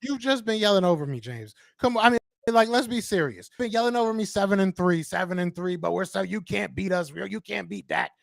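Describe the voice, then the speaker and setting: High-voiced man arguing football. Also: brisk, creaky, hardly any pauses, no room sound. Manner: animated, insistent, repeats himself. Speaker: podcast co-host. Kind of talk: heated sports debate.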